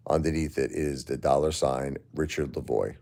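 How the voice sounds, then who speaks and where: A grieving middle-aged man hosting a casual livestream, weary and emotionally drained, talking to viewers with halting, repeated words. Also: rumbling low, fairly even intonation, mellow. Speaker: livestream host.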